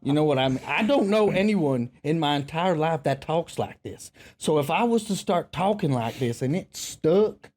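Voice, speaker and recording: A man putting on a drawn-out Southern US accent, playing a playful man from the Louisiana bayou. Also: on the high side, lively intonation, a little mellow, lightly acted. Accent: put-on Southern US.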